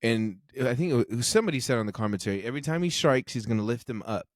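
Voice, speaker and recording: Man, podcast co-host, casual sports chat, animated slangy talk, dry close sound. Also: mid-range voice, fast talker, no room sound. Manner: animated, slangy trash talk with repeated phrases. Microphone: remote recording.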